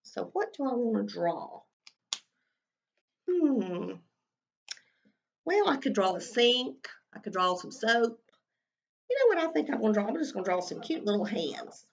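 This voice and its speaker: A kindergarten teacher modelling a writing lesson for young children, talking slowly in a sing-song way and stretching out sounds while she writes and draws. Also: a little high, very animated, vocal fry, muffled recording.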